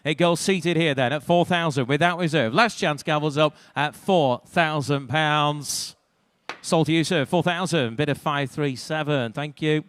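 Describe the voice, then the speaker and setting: A British male auctioneer rattles off bid numbers in a quick, rhythmic call, his voice sitting a little high for a man. It is close and dry, with no room echo, and he drops in wry asides between bids. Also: a bit bright, clean tone. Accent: British English. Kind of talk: live auction calling.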